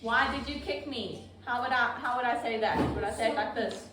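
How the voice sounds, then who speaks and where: A woman's voice: on the high side, fairly quick. A woman teaching a classroom lesson, patiently prompting pupils by name. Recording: echoey classroom from far off, noisy.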